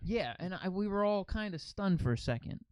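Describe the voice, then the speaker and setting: A man's voice: high-pitched, lively intonation, a little fast, clean tone, no echo. A man hosting a podcast in casual chat, easygoing and rambling, laughing along with his guest. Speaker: podcast host.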